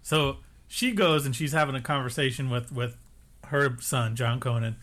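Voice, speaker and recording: A man in casual podcast chat, joking his way through an episode recap. His voice is bright and forceful, with a middle pitch. He drops into brief character voices as he retells scenes. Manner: joking, animated, recaps scenes with quick impressions. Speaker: podcast co-host.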